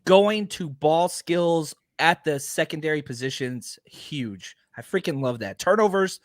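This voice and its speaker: A man hosting a casual sports podcast roundtable, his voice hoarse and tired, talking in a self-deprecating, animated way. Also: on the high side, a little slow, no echo, clean studio sound. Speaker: podcast host. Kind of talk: casual chat.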